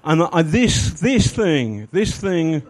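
A man's voice: a little high, sing-song, slow pace. A man giving a humorous talk to an audience, rambling with fillers and mocking himself. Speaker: speaker.

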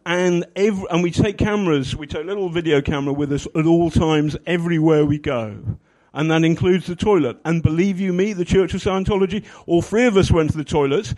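A man's voice: fairly high pitch, a little mellow. A man giving a humorous talk to an audience, rambling with fillers and mocking himself. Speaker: speaker.

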